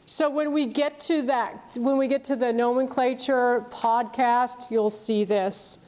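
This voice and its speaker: A woman with a fairly high voice delivers a university lecture. She explains patiently, pausing on fillers and checking that students follow along. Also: fairly even intonation, a little mellow. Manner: explanatory, checks in with "okay?" and "right?". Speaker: chemistry lecturer.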